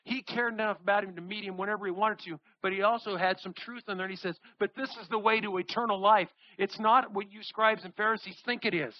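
A man preaching a sermon, reading scripture and acting out the people in the story with animated delivery. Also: high-pitched, fast talker, hardly any pauses, no room sound, lo-fi sound. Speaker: pastor.

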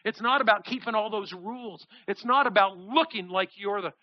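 A man preaching a sermon, reading scripture and acting out the people in the story with animated delivery. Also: high voice, moderate pace, dry recording, lo-fi sound. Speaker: pastor.

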